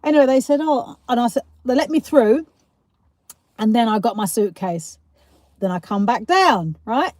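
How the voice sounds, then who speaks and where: A woman's voice: fairly high pitch, animated, normal speed, a little mellow, no echo. A middle-aged woman with a South East London accent, hosting a live stream and telling a rambling, giggly story with casual swearing. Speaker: livestream host.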